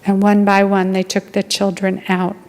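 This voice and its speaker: A woman's voice: medium pitch, completely flat delivery, moderate pace, darkish tone. A woman giving a sermon to a congregation, telling a story in an earnest, dramatic way and acting out the dialogue. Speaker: lay speaker at a congregation. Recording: long hall reverb.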